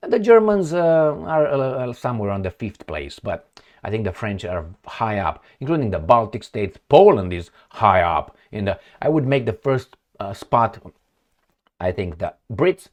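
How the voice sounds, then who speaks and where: Man, middle-aged, lowish voice, sarcastic, rambling, lots of ums and restarts, off-the-cuff commentary. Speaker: political commentator. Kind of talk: off-the-cuff commentary reading news articles aloud.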